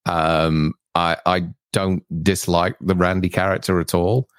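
A man's voice: low voice, little pitch movement, unhurried, clean tone, no echo, studio quality. A man co-hosting a casual live-stream chat, easygoing and reading viewer comments aloud. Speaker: co-host.

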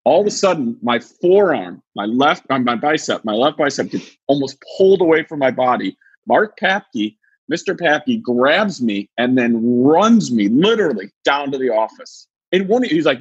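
A podcast co-host in his thirties tells a story in casual chat, his husky voice jumping up as he acts out other people's lines. The sound is dry and a little dull. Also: moderate pace, no room sound. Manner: animated, acts out quotes in high voices.

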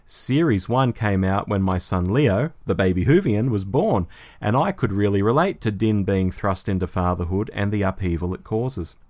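A man co-hosts a casual podcast, reading out listener emails with animated expression. His voice sits fairly low. He sounds relaxed and conversational between emails. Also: normal speed. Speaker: podcast co-host.

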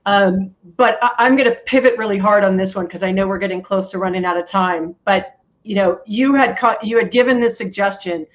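A woman's voice: medium pitch, a little fast, muffled recording. A woman hosting a live video interview, speaking in an affirming, conversational way.

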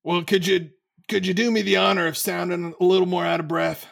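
A man's voice: high voice, level tone, brisk, creaky, a bit bright. A man playing a tabletop game, joking and playful with the table. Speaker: player.

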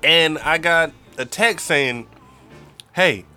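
A man's voice: on the high side, takes it slowly, sharp tone, clean tone, faint music behind. A young man hosting a podcast, laid-back and conversational as he steers the chat. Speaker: podcast host. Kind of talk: casual chat.

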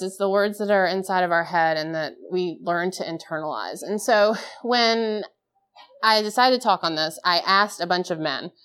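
A woman's voice: on the low side, a bit bright. A woman in her thirties giving a live talk at a conference, candid and self-deprecating, often laughing at herself. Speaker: conference speaker. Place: conference stage before a live audience.

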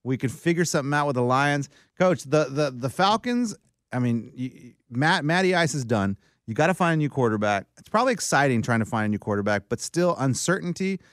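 Lively man chatting sports. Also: medium pitch, no room sound, studio quality. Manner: lively, quick reactions and questions. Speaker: podcast co-host. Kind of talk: casual sports chat.

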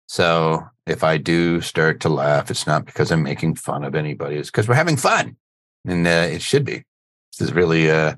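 This podcast host is a middle-aged man speaking from a studio in a deep, slightly bright voice, recorded with no room sound. His talk is a casual live webinar chat, full of jokes, easy laughter, and rambling.

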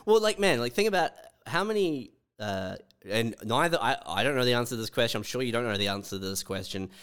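A man's voice: mid-range voice, expressive, quick pace, fairly bright tone, clean tone. A man co-hosting a casual comedy podcast, laughing often and arguing playfully. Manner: laughing, argumentative banter. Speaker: podcast co-host.

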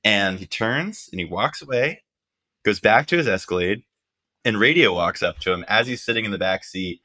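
A man's voice: on the low side, normal speed. A man, a journalist guest, telling a story casually and animatedly, with lots of "like". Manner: animated, acts out quotes, lots of "like".

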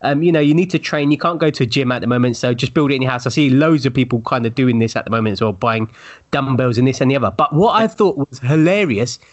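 A man co-hosting a casual chat show, telling a story with animated energy. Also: medium pitch, highs cut off. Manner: animated storyteller, lively and quick. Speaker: co-host.

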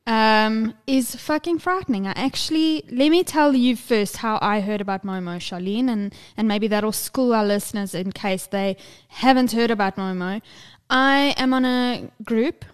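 A woman's voice: fairly high pitch, moderate pace, clean tone. A young woman co-hosting a casual podcast chat, talkative and blunt, swearing freely and laughing often. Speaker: podcast co-host.

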